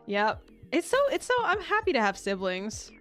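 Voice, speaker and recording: A woman streamer in loose, rambling casual chat, her voice sitting a little high. She swears offhandedly, restarts her sentences and breaks into laughter often. Soft music plays faintly under her. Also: sing-song, normal speed.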